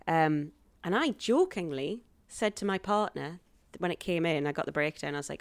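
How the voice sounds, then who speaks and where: A woman in her thirties, a guest spinning animated stories about her own life in an interview. Her voice sits a little low, and she keeps bursting into lively acted-out quotes. The recording is close and dry. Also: moderate pace, few pauses, no room sound. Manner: animated storyteller acting out quoted dialogue. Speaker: guest, actress and stand-up comic. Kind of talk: podcast interview storytelling.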